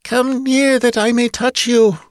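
Man putting on a high ancient blind elephant-being, mournful, chanting, dry close sound. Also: level tone, no room sound. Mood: pleading. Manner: mournful, chanting, slow and solemn. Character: ancient blind tortured alien elephant-being, male, sorrowful. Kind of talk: audiobook character reading.

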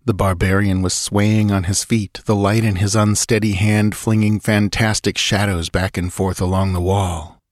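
A man narrating an audiobook in a measured, even storytelling manner on a close mic. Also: on the low side, dry recording. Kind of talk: scripted narration.

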